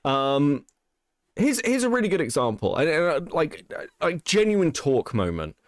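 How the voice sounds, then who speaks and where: A man talking loosely on a livestream, his pitch swinging up and down as he rambles and swears. The sound is close and dry, with no room around his voice. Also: sing-song, normal speed, no echo. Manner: rambling, sweary, often restarts. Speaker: stream co-host. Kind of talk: casual chat.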